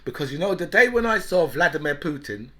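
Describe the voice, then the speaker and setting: A man talking in a loose, rambling monologue. His voice is bright and lively and climbs and dips a lot, and he laughs often and keeps tagging "right?" onto his points. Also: on the high side, a little fast. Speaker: talk show host. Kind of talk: casual monologue.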